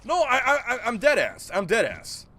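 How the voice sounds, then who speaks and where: A man's voice: very high voice, wildly swooping pitch, normal speed, sharp tone. A man streaming a game, chatting casually and ranting in disbelief as he answers his chat. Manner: incredulous, joking rants, answers chat. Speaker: gaming streamer.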